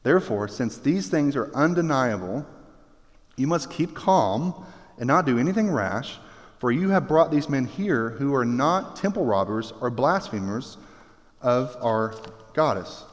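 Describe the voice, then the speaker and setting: Animated preacher in a reverberant hall. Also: male voice, medium pitch, a little slow. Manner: animated, jokey asides with acted-out voices. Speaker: pastor. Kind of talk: sermon.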